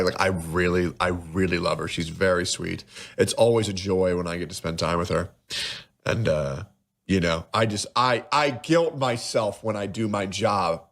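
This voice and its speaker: Emotional stammering young streamer. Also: male voice, low-pitched. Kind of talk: emotional live-stream monologue.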